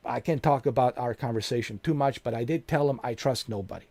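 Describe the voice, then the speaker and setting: A male game streamer on an angry, profane rant at his chat. His voice sits at a middle pitch and sounds close and dry, with no room around it. He talks bluntly and heatedly, swearing in nearly every line. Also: a little fast, few pauses, a little mellow, no room sound.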